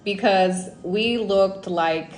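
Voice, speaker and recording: A woman from Mexico telling a personal story in a casual, animated livestream storytime, dropping in Spanish words. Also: medium pitch, drawn-out words, roomy sound, a little hiss or hum. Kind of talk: casual storytime on a live stream.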